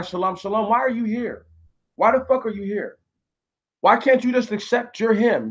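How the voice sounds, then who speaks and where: Angry high-voiced man ranting on a stream. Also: animated, normal speed, husky, lo-fi sound. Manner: angry, profane, repetitive, arguing with viewers. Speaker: live streamer. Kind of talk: heated live-stream rant.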